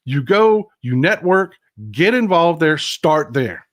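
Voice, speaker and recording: A man's voice: on the high side, expressive, slow. A man hosting a livestream talk show, earnestly explaining his views and questioning his guest. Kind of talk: conversational interview.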